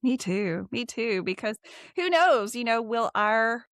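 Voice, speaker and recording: A woman's voice: on the high side, animated, measured pace, a bit bright, no room sound, clean studio sound. A woman hosting a podcast, chatting casually and effusively with guests, often repeating phrases for emphasis. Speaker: podcast host. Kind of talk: casual interview chat.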